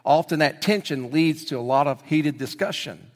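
A man preaching a sermon as pastor, telling the story with lively energy and dropping to hushed emphasis at key points. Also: fairly high pitch, normal speed. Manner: animated storytelling, swings between loud excitement and hushed emphasis. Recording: long reverb of a large hall.

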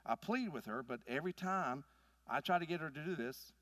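A man, preaching a sermon in an animated, folksy storytelling manner. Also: on the high side, fairly quick, no room sound. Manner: animated, folksy storytelling with big swings in loudness. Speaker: pastor.

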